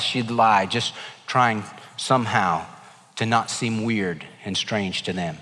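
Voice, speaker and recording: A male pastor preaching a sermon, animated and emphatic, dropping to a hush for quieter passages. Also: on the low side, measured pace. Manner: animated preaching, swinging between emphatic and hushed. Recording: long hall reverb.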